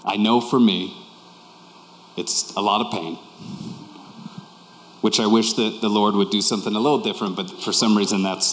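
A man's voice: on the low side, a little hiss or hum. A man preaching a sermon to a congregation, talking in a candid, conversational way and repeating key phrases for emphasis. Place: church hall with congregation. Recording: echoey hall with long reverb.

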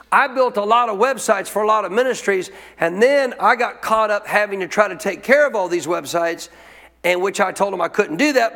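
A man's voice: sits high, fairly bright tone, in a large hall. A male pastor preaching a sermon in a conversational way, often asking the congregation questions.

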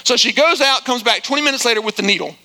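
A middle-aged male pastor preaches with a very high, bright voice. His tone is smooth and clear. He tells stories in a chatty way, with self-deprecating asides. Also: racing. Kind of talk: sermon with comic storytelling.

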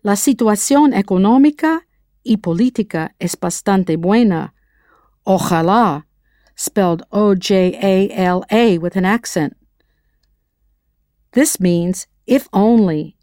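A woman's voice: mid-range voice, slow pace, warm tone, no echo, studio quality. A woman narrating a scripted audio language lesson, quizzing the listener with playful questions. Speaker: language teacher.

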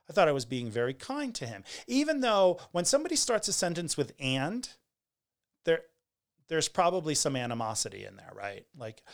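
A man in his forties, talking candidly to camera in a conversational way, trailing off with pauses and restarts. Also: on the high side, sing-song. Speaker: vlogger telling a personal story. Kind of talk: candid personal storytelling.

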